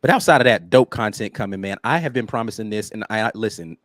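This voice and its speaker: A raspy man, hoarse from being sick, co-hosting a sports show with energetic promotional talk. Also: on the low side, quick pace, no echo. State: hoarse from illness. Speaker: co-host. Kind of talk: casual sports chat.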